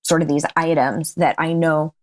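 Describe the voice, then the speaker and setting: Woman guest on an interview show. Low voice, candid, laughs easily. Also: steady tone, moderate pace. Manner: candid, laughs often, restarts mid-sentence. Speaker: podcast guest. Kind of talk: casual interview chat.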